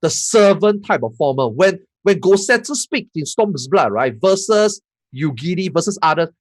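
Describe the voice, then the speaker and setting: A man, a guest on a gaming podcast, explaining things in a lively way with repeated words. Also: high voice, moderate pace, no room sound. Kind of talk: casual gaming podcast chat.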